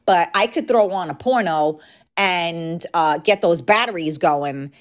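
A woman's voice: fairly low pitch, measured pace. A woman hosting a podcast, talking frankly and casually straight to her listeners, her voice a little worn. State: losing her voice. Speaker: podcast host. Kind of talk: casual chat.

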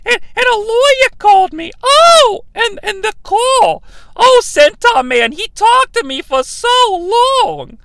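A woman's voice: very high voice, slow pace, a bit bright, slight background noise, exaggerated voice. A woman voicing a melodramatic, easily panicked housewife with a breathless, exclamatory manner, in a comedy podcast. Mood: frantic. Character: fretful housewife, prone to panic.

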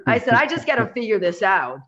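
A middle-aged woman, a real estate coach and podcast co-host, telling a story with animated, dramatic energy and acting out quotes. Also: on the high side, fast talker, slight background noise. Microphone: remote call connection. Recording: dull lo-fi internet call audio.

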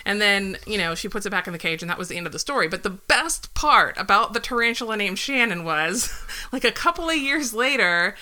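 Co-host woman in her 30s, crisp bright tone, animated storyteller who laughs a lot. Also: mid-range voice, a little fast. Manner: animated, laughing, acts out her own squeals. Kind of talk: casual storytelling chat.

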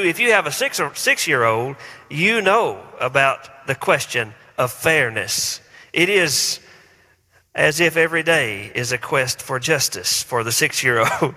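A pastor preaches conversationally, trading rhetorical questions and self-deprecating jokes. His voice sits a bit high and sounds bright and forceful. It rings with a long reverb in a church hall. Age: 40s. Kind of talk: sermon. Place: church sanctuary.

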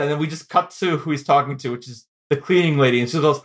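A man co-hosting a podcast, chatting casually about old movies with lots of fillers and quick laughs. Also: on the high side, a bit bright. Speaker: podcast co-host. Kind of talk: casual film discussion.

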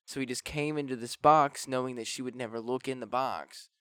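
A man's voice: mid-range voice, steady tone, a little fast, a bit bright, clean tone, dry recording, clean studio sound. A man co-hosting a podcast, bantering in a crude, joking way. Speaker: podcast co-host. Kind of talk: casual chat.

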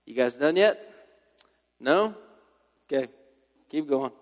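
A man's voice: medium pitch, animated, slow, long reverb tail. A man voicing a swaggering male prophet who mocks his rivals in a teasing, sarcastic way. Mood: mocking.

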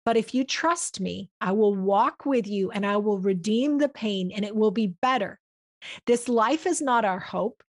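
A woman's voice: medium pitch, a little slow. A woman hosting a podcast, giving an earnest, heartfelt, faith-based reflection in a conversational way. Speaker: podcast host.

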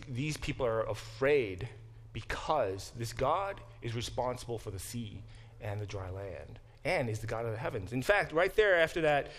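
Animated male Bible professor lecturing. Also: mid-range voice. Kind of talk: classroom lecture. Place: classroom.

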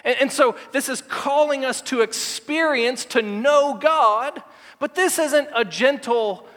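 A male pastor preaching a sermon emphatically, repeating words and slowing to stress key lines. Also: very high voice, lively intonation, a bit bright. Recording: long hall reverb.

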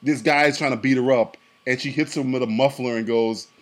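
A man's voice: medium pitch, steady tone, a little fast. A man in casual podcast chat reviewing a movie, rambling, laughing often, swearing and acting out lines from the film. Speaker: podcast co-host.

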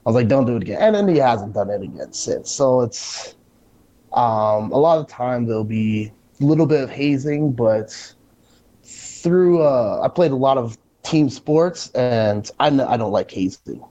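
A man, a pro wrestler, chatting casually and telling animated stories, acting out what people said. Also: mid-range voice, a little slow. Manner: animated storyteller, acts out quotes. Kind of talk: casual conversation.

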